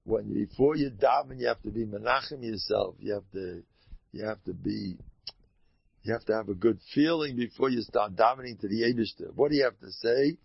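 Man, rabbi, informal Torah talk, animated delivery, raspy, dry dull recording. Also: fairly low pitch, normal speed, dry recording. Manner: animated, shifts between soft asides and loud exclamations.

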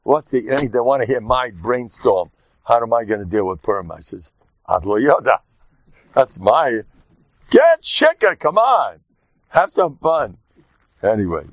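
Animated rabbi, dry lo-fi recording. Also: male voice, lowish voice, dry recording. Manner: animated, jokey, mixes Yiddish and Hebrew terms. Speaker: rabbi teaching a class. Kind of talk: informal Torah talk. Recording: dull dry lo-fi sound.

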